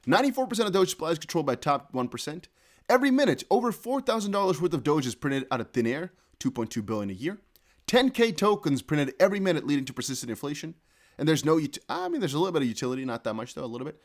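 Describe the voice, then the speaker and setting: A man hosting a casual live crypto news stream, excitably thinking aloud as he reads viewer chat and posts. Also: fairly high pitch, fast. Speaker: crypto news livestream host.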